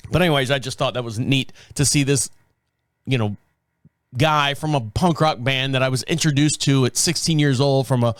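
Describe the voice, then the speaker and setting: A man's voice: medium pitch, clean tone, no echo, studio quality. A middle-aged man hosting a show, telling rambling stories in casual chat, laughing often and acting out quotes. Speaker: show host.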